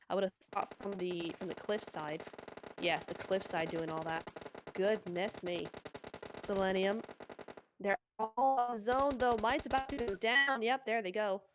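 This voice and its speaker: A woman casting a mobile shooter tournament live, chatty and quick to exclaim at the action. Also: mid-range voice, noisy background. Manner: excitable, chatty, exclaims often. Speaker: esports caster. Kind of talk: live play-by-play commentary.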